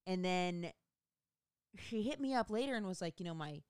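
A woman's voice: medium pitch, expressive, fast, a little mellow, smooth, no room sound, clean studio sound. A woman comedian telling a rambling, profane story about her own life in a casual, self-mocking way.

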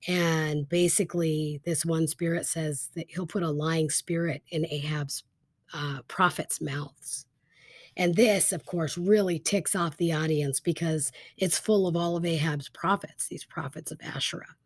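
Woman, casual Bible story retelling, chatty and animated, dry close sound. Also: low-pitched, unhurried, no echo. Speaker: Bible teacher.

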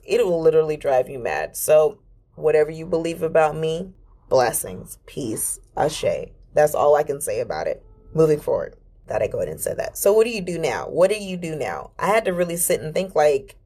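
Candid swearing woman podcaster, lower voice. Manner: candid, profane, animated storytelling. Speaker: podcast host. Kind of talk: casual spiritual monologue.

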